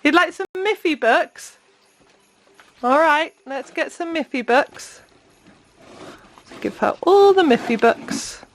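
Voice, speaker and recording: A woman's voice: high voice, lively intonation, slow, pauses often. A young mother filming a casual home vlog, chatting to camera and coaxing her toddler in a sing-song voice. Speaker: vlogger and mum.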